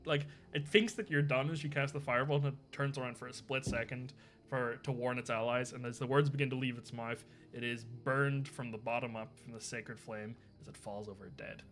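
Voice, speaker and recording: A man's voice: mid-range voice, fairly even intonation, a little fast, a bit bright, faint music behind. A man narrating as game master of a tabletop role-playing game, laughing often as he goes.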